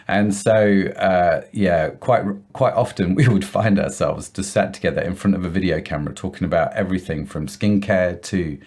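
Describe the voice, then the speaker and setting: A man hosting a podcast over a video call, bantering and joking, with lots of "uh" hesitations. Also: low voice. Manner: warm joking banter, many "uh" fillers. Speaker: podcast host. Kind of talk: casual video-call chat.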